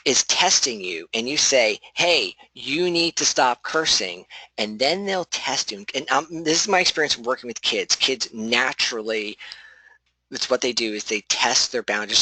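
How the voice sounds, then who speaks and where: Guy teaching a de-escalation class, chatty, restarts a lot, bright tone, dry sound. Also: on the low side, dry recording, low-quality recording. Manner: conversational, self-correcting, animated asides. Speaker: de-escalation trainer. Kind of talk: casual spoken training talk.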